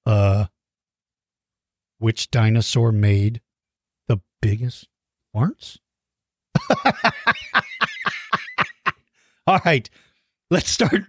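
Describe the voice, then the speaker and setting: A man's voice: on the high side, no room sound, studio quality. A man hosting a question show, explaining in a playful, teacherly way for young viewers on his own microphone. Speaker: host answering viewer questions about dinosaurs. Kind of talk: lively kid-friendly explaining.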